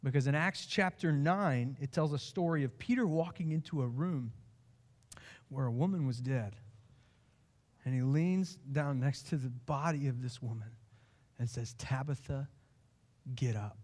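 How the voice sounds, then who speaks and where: A man preaching a sermon as pastor, impassioned, swinging from hushed lines to pleading ones. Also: mid-range voice, normal speed.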